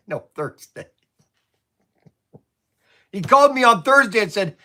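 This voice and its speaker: A man's voice: high-pitched, very animated, a little slow, vocal fry, pauses often, pushed and bright. A middle-aged man who owns a toy shop, rambling and stammering through livestream stories and frustrations. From Ohio. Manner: stammering, restarts often, venting.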